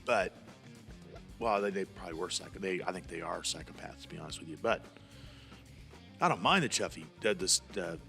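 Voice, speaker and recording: A man's voice: deep voice, animated, brisk, gravelly, long pauses, sharp tone, faint music behind. A male podcast host, chatting casually and rambling with frequent restarts. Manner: rambling, repeats words and restarts. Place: studio lounge.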